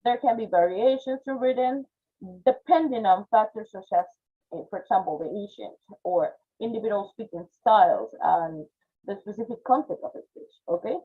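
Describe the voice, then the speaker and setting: A woman's voice: mid-range voice, moderate pace, husky. Spanish-accented woman teaching over a tinny call. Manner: explanatory, frequent "okay?" check-ins and "eh" fillers. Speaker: phonetics teacher. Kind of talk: online class lecture. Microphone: video call. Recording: tinny phone-like video call audio.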